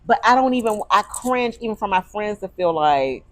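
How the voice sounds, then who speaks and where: A woman co-hosting a podcast in casual chat, telling stories with animated, expressive delivery. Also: mid-range voice, moderate pace. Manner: animated storytelling, turns emotional. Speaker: podcast co-host.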